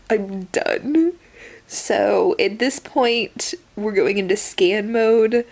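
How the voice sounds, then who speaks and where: A woman vlogger chats about a book in a casual reading vlog, her voice a touch high and breathy. She drawls her words out very slowly, swears freely and keeps breaking into incredulous laughter.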